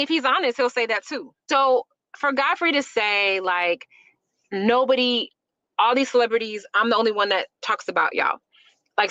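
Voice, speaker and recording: A woman's voice: high voice, bright, forceful tone, dry recording, highs cut off. A woman from Chicago hosting an opinionated commentary show, emphatic and rambling with lots of fillers. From Chicago, USA. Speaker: host.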